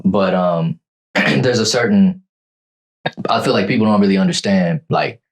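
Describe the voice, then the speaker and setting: A man co-hosting a podcast, talking in a halting way with many fillers and restarts. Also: deep voice. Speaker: podcast co-host. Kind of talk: casual chat.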